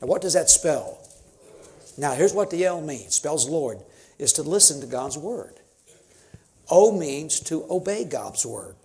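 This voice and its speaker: A man's voice: medium pitch, expressive, moderate pace, mellow. A man in his fifties, a missionary preaching a sermon in church, folksy and conversational, building to emphatic preaching. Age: 50s. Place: church sanctuary.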